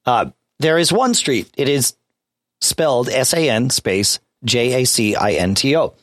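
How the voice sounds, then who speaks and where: A man's voice: mid-range voice, expressive, measured pace, fairly bright tone, no room sound, clean studio sound. A man co-hosting a podcast in casual chat, explaining his points insistently, repeating himself and stammering. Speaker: podcast co-host.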